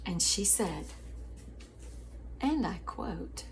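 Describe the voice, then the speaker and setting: A woman's voice: on the low side, lively intonation, slow pace, pauses often, a little hiss or hum. A woman host telling a story in a devotional chat, calling her listeners sweeties and family and often laughing.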